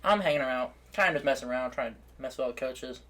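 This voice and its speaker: A man's voice: mid-range voice, fairly bright tone. A young man co-hosting a podcast, chatting casually and telling funny stories through laughter. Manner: laughing storyteller, quick asides. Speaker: podcast co-host. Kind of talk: casual chat.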